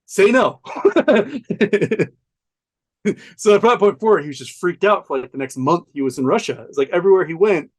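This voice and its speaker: A man talking as a podcast guest, telling a story in an animated, profane way and laughing often. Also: sits high, normal speed. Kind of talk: casual storytelling chat.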